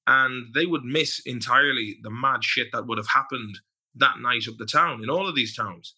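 Irish man, guest, very bright voice, chatty storyteller, swears freely. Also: medium pitch, normal speed, breathy edge. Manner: storytelling, profane, with acted-out quotes. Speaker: podcast guest. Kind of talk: casual chat.

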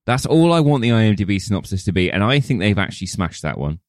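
A man's voice: lowish voice, very animated, fast talker, no room sound, clean studio sound. A man co-hosting a film podcast in casual chat, telling rambling jokey stories. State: sore back. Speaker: podcast co-host.

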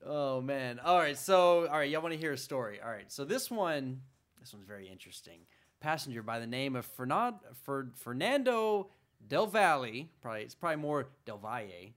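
A man's voice: mid-range voice, lively intonation, a little fast. A man co-hosting a casual podcast, telling a story in a rambling way with lots of uhs and laughs. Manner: laughs often, rambling, says uh a lot. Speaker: podcast co-host.

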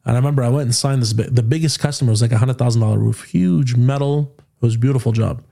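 Host, young Canadian man, rapid slangy storyteller, mellow tone. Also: mid-range voice, gravelly. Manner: animated, slangy, tells stories with quoted dialogue. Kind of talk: casual storytelling chat.

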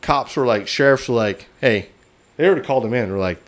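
Podcast co-host, male, animated storyteller, casual banter, middle pitch. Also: a little fast. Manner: animated, laughing storyteller acting out voices.

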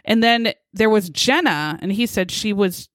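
A woman's voice: mid-range voice, a little slow, no room sound, clean studio sound. A woman co-hosting a podcast, chatting casually as she retells a true crime case and acts out the quotes. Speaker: podcast co-host.

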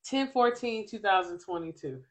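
Animated woman telling faith stories. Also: medium pitch, moderate pace. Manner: animated storytelling, loud laughs, acts out her own quotes. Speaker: podcast co-host. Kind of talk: casual faith chat.

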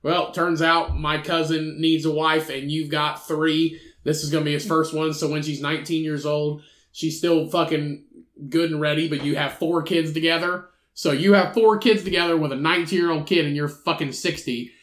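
Brief: male podcast co-host, swearing rants over a read-aloud story, somewhat high voice. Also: fairly even intonation, a bit bright. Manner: profane, ranting, quick bursts. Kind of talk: casual chat, reading a news story aloud.

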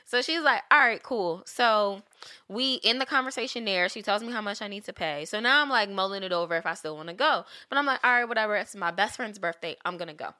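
A young woman telling a story in casual podcast chat, animated and profane, acting out quotes with big jumps in pitch. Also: fast.

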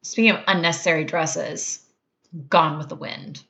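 A woman co-hosting a podcast in casual chat, chatty and quick to laugh, going into mock-outraged rants. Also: low-pitched, fairly even intonation, a bit bright. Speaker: podcast co-host.

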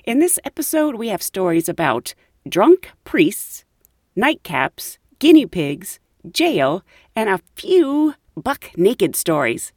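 A woman hosts a podcast, her pitch moving in a lively way from line to line. The sound is dry and close, with no room around her voice. She is a flight attendant talking to her listeners. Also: slow pace, no echo. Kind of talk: podcast hosting.

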